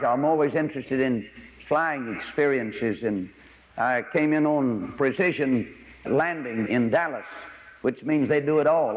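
Male preacher, folksy storyteller with excitable high bursts; lo-fi recording in a reverberant hall. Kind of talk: sermon. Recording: dull lo-fi audio with long hall reverb.

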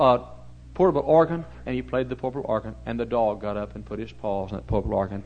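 A man preaching a storytelling sermon in a church, talking animatedly and getting suddenly loud when he acts out shouted commands. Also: mid-range voice, fairly even intonation, fast, muffled recording. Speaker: pastor.

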